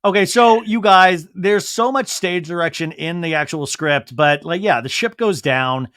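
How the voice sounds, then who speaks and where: High-voiced, animated young man host. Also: moderate pace, clean tone, no room sound, studio quality. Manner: animated, camp, mocking, swears freely. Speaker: podcast host. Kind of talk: comedic movie recap, acting out scenes.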